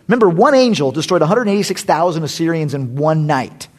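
A middle-aged man preaching a sermon as a pastor, impassioned, swinging between loud and hushed. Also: a little high, expressive, a little fast, hardly any pauses.

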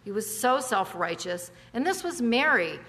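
A woman delivers a conversational sermon with a bright, forceful voice. She speaks emphatically and mixes in chatty asides and rhetorical questions, and her voice carries a long reverb from a large hall. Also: a little high, very animated, moderate pace. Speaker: preacher.

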